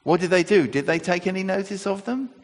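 A man's voice: sits high, lively intonation, brisk. A man preaching a sermon, telling the story conversationally with fillers and restarts. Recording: echoey church hall.

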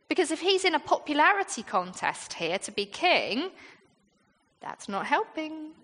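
Woman, British accent, preacher, high voice, sermon, conversational, rhetorical questions, long hall reverb. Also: very animated, normal speed, fairly bright tone.

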